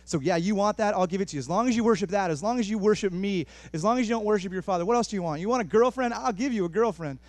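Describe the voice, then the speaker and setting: A man's voice: sits high, racing, hardly any pauses, darkish tone, dry recording, pitched above the performer's own voice, close to an everyday voice. A man voicing the devil as a tempter making coaxing, pushy offers in a sermon. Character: tempting male devil, wheedling salesman.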